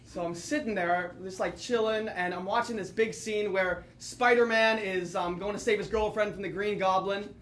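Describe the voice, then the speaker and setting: A teenage boy performing a solo comedy monologue, telling lively comic stories with asides to the audience. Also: high-pitched, normal speed, few pauses, echoey room. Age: teens. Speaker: student performer. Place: theatre or classroom with audience.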